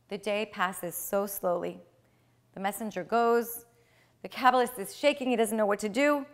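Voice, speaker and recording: A woman retelling a traditional tale aloud, with swings in loudness and slowed, dramatic phrases. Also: medium pitch. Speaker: storyteller.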